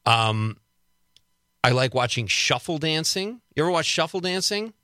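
A male radio host with a bright, forceful voice, talking casually and cracking jokes. His voice is recorded close and dry, with no room sound around it. He laughs often as he riffs on small complaints. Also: on the high side, big pitch swings, normal speed, dry recording. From Wisconsin. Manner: chatty, joking, laughs often. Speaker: radio talk show host.

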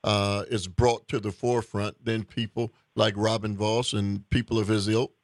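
Male talk radio host, low voice, measured and halting delivery, dry close mic. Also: level tone, no echo. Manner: measured, with many pauses and restarts. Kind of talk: call-in talk radio discussion.

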